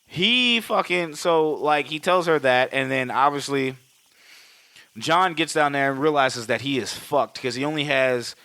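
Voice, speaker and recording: Bright-voiced, swearing male podcaster. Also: mid-range voice, measured pace, no room sound. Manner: rambling, profane, animated retelling. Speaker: podcast co-host. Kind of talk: casual film recap chat.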